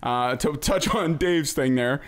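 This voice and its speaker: A man's voice: on the high side, a little slow. A middle-aged man hosting a podcast, telling funny stories about his kids in casual chat, swearing freely and laughing often. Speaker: podcast host.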